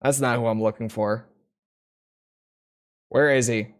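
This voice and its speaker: A gaming streamer with a strained throat rambles through casual commentary while playing, joking about himself and laughing often. His mid-range voice is steady and clean, a little slow, with soft background music.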